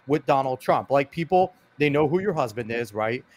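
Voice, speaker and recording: A man's voice: mid-range voice, expressive, normal speed. A man co-hosting a podcast, chatting casually and playfully teasing his guest. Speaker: podcast co-host. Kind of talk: casual interview chat.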